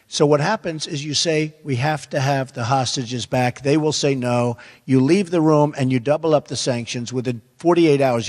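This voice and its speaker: An older man in his seventies, a presidential candidate speaking off the cuff at a roundtable, emphatic and repeating short phrases. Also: fairly high pitch. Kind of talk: unscripted roundtable remarks to an audience. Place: large indoor theater. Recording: long hall reverb, faint crowd.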